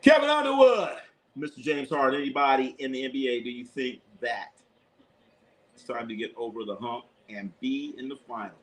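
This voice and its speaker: A man doing casual live play-by-play for his online chat, with a voice of ordinary middle pitch. He is blunt and opinionated, swears freely, and tends to say the same line two or three times over. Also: steady tone, brisk, a bit bright, rough recording. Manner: blunt, opinionated, profane, repeats himself. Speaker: live sports commentator, channel host.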